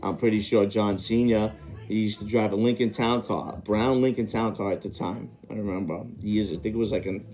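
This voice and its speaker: A man's voice: on the low side, fairly even intonation, brisk, a little mellow, faint music behind. A man hosting a podcast who tells a long story casually, wandering off and correcting himself as he tries to remember details. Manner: rambling, self-correcting, stops to recall details. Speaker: podcast host telling a story.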